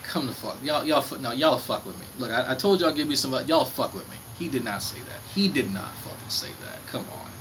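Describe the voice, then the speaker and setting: Guy on a night livestream reading chat, swearing and taunting some rival, crickets loud in the background. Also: medium pitch, animated, brisk, hardly any pauses, low-quality recording. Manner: mocking, profane, taunting. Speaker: livestream commentator. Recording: clear background noise with crickets.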